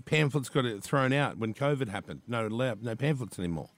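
Male radio host, animated raconteur; gravelly, dry close mic. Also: mid-range voice, a little fast, dry recording. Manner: animated storyteller, acts out voices. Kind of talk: casual radio banter, storytelling.

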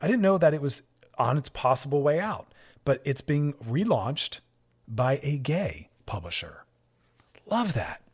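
A man's voice: mid-range voice, very animated, measured pace, breathy edge. A man hosting a radio talk show as a therapist, chatting in an upbeat way and laughing often.

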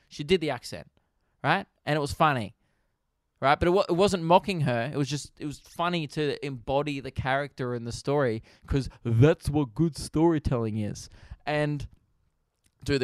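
An Australian comedian hosts his podcast in a loose, animated rant full of swearing and asides. His voice sits at an ordinary pitch and is recorded close and dry, with no room sound at all. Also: no echo. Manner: animated, profane, conversational.

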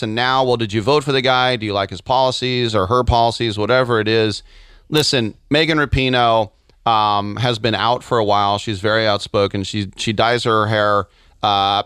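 A man's voice: mid-range voice, a bit bright, smooth, no room sound, studio quality. A man talking soccer as an analyst, telling anecdotes with wry humor. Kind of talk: casual sports talk.

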